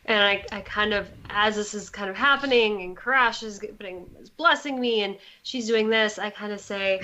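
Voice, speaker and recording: A woman's voice: mid-range voice, normal speed, bright, forceful tone, highs cut off. A woman playing a character in a tabletop game, speaking hesitantly with many restarts as she describes her character's actions. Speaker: player.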